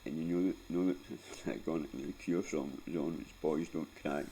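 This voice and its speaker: A man's voice: a bass voice, steady tone, a little fast, mellow, slight background noise. A Scottish man in his forties telling a painful personal story in a rambling, sweary way, close to tears and often tagging on "right?". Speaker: vlogger.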